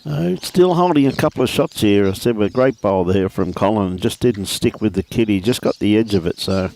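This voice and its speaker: A man's voice: fairly low pitch, moderate pace, a little mellow. A middle-aged man with an Australian accent commentating lawn bowls live, laid-back and jokey, calling people mate. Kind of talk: live sports commentary with banter.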